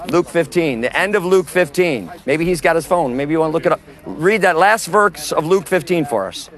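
Emphatic street preacher, a man, slightly high. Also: animated, normal speed. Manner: emphatic, forceful, quizzes listeners with questions. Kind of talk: outdoor street preaching in conversation.

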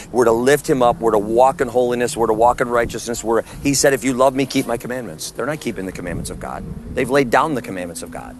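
A man's voice: mid-range voice, noisy background. A man preaching fervently in the street to one listener, firing rhetorical questions and condemnations. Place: outdoors at a public event.

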